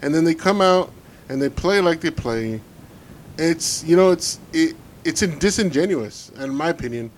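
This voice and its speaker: A man's voice: a little high, expressive, normal speed, slight background noise. A man co-hosting a casual football podcast, ranting bluntly and swearing freely about his team. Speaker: podcast co-host.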